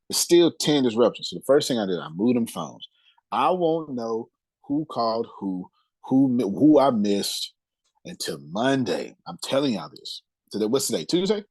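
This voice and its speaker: A man hosting a lively group talk, emphatic and animated, repeating his points and laughing often. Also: medium pitch, moderate pace, slightly rough, no echo, poor audio. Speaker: host and coach.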